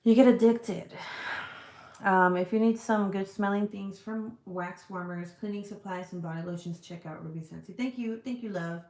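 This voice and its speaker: A woman's voice: mid-range voice, moderate pace, hardly any pauses, reverberant. A woman hosting a casual livestream, chatty and profane as she answers viewer comments. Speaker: livestream host selling scented products. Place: indoor room.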